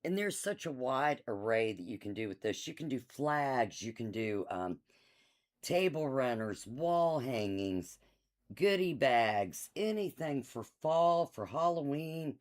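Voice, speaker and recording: A middle-aged woman hosts a live sale from her quilt shop in a relaxed, unhurried way. She chats warmly to viewers, laughs easily and reads out item numbers as she shows off the fabric. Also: extremely low pitch. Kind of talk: casual live-stream sales chat.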